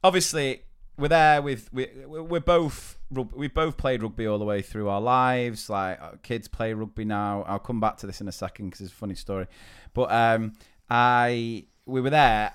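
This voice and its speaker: A man in his thirties co-hosts a casual podcast, telling stories in a chatty way. His voice sits a little low and sounds smooth and clear. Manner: storytelling, chatty, laughs often. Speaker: podcast co-host. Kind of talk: casual chat.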